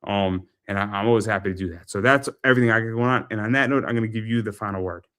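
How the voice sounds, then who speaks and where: Chatty low-voiced male show host. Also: racing, a bit bright, smooth. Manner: chatty, repeats phrases, salesy plugs. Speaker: podcast host and eBay seller. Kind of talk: casual talk-show chat.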